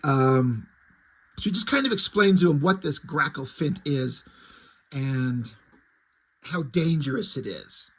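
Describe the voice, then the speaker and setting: A man's voice: mid-range voice, expressive, slow pace, long pauses, a bit bright, husky. A man casually recapping a comic book's plot, rambling with lots of "like" and restarts. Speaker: comic book reviewer.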